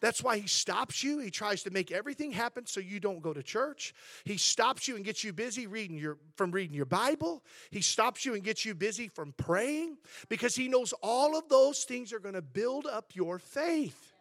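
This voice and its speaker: Pastor, male, high tenor, animated storyteller, dry close sound. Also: normal speed, no room sound. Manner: chatty storytelling, animated and humorous. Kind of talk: sermon.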